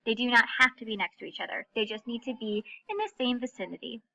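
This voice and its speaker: A woman with a bright, higher voice gives a recorded English lesson, explaining each term clearly. She slows down to read out her examples. The recording sounds dull and lo-fi. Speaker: English teacher. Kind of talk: recorded classroom lecture.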